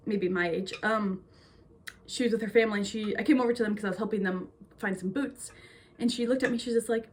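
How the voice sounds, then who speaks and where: A young woman from Minnesota talks in a chatty, bubbly ramble straight into her phone. Her voice sits a bit high and carries a soft, breathy huskiness, and she strings thoughts together with plenty of fillers. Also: quick pace. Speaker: vlogger. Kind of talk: casual chat.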